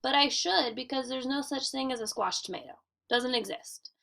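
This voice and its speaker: A woman teacher giving a recorded grammar lesson for children, speaking clearly and deliberately and slowing down to model reading aloud. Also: high-pitched, sharp tone.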